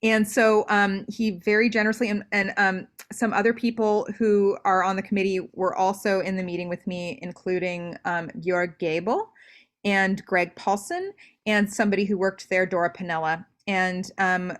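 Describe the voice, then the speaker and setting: Young woman guest, animated storyteller. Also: medium pitch. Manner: animated storyteller, quick asides, frequent restarts. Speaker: guest scholar. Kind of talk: interview conversation. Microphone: video call.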